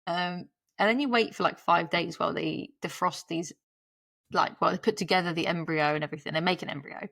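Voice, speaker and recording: Gravelly woman sharing a story. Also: lowish voice, a little fast, a bit bright, dry recording. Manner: chatty, laughs often, self-interrupting. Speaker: podcast guest. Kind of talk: candid conversational storytelling.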